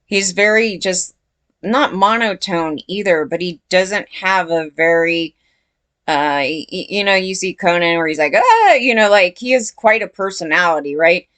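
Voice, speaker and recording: Chatting to camera at a moderate pace, a woman with a lowish, fairly bright voice gives rambling commentary packed with fillers and restarts. She often doubts herself, asking questions and saying she doesn't know; the recording is dry.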